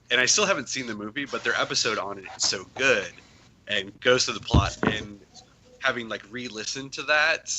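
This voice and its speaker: A man's voice: lowish voice, noisy background. A man, a comic writer on as a guest, chatting casually and rambling with lots of fillers. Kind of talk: casual chat.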